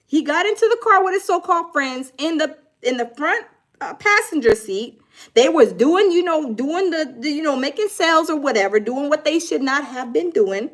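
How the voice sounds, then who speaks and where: A woman's voice: high voice, animated, normal speed. A woman, giving casual, preachy commentary on crime news with mocking quotes. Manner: conversational, preachy and storytelling, with mocking put-on quotes. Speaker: commentary host.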